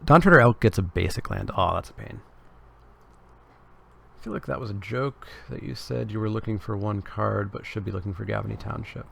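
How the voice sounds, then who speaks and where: A man's voice: on the low side, a little fast, gravelly. A Canadian man giving casual, wry live commentary as he plays a card game and jokes with his chat. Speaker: streamer.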